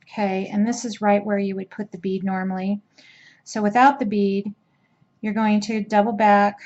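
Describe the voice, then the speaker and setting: A woman's voice: medium pitch, little pitch movement, moderate pace, a little mellow, muffled recording. A woman teaching a crochet trim step by step in a casual, chatty way, with fillers and restarts. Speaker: crochet instructor.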